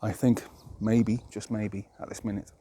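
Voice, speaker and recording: Husky low-voiced man venting outdoors. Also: little pitch movement, moderate pace, dark tone. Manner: rambling, plain-spoken, exasperated. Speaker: vlogger. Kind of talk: casual opinionated monologue.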